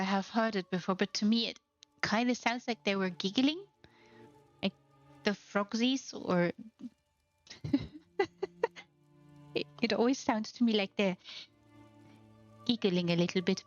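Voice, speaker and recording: A woman gives a leisurely, admiring voice-over as she tours players' game homes, gushing over each detail. Her mid-pitched voice comes through a little dull and muffled. Soft music plays faintly underneath. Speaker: game housing showcase host. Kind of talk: gameplay tour voice-over.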